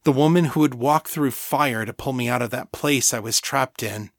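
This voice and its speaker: A man voicing a tender, brave young man in an audiobook, speaking softly and reassuringly. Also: medium pitch, normal speed, dry recording, studio quality, natural voice.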